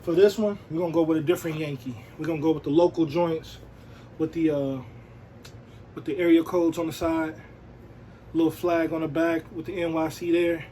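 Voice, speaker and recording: Brief: male vlogger, relaxed slangy show-and-tell, slightly raised pitch. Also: normal speed, slight background noise, rough recording. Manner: laid-back, slangy, peppered with "you know what I'm saying". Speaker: sneaker and streetwear vlogger.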